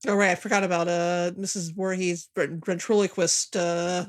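A woman's voice: fairly low pitch, flat delivery, normal speed. A woman co-hosting a casual movie commentary podcast, playful and laughing often. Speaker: podcast co-host.

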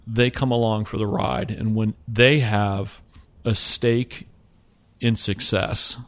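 Gravelly, low-voiced man, rambling CEO. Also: slow pace. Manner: relaxed, rambling with many fillers. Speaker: company CEO. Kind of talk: casual interview talk.

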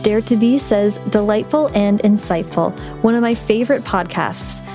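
Over soft background music, a podcast host speaks with a warm tone, medium pitch and moderate pace. Her show is about writing; she reads the announcements, then interviews a guest in a friendly, chatty manner.

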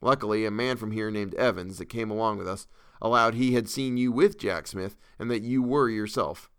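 A man's voice: lowish voice, normal speed, a bit bright, clean tone. A man voicing a plain-spoken frontier sheriff who talks in an easygoing, matter-of-fact way.

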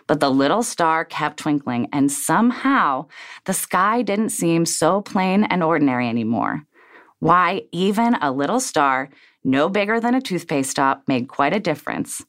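A woman reading a children's story aloud in a gentle, soothing way. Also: low voice.

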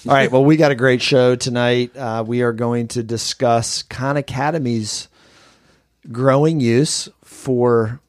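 A man's voice: medium pitch, steady tone, a little slow, no room sound, clean studio sound. Upbeat teasing podcast co-host man. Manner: upbeat, teasing, steers the show. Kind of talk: casual chat.

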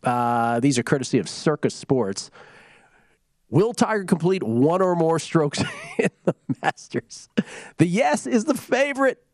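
A man hosting a casual sports betting chat, joking and telling stories. His pitch swings widely as he talks, and the sound is dry and close. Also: measured pace, no echo. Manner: joking, animated storytelling. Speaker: sports betting show host.

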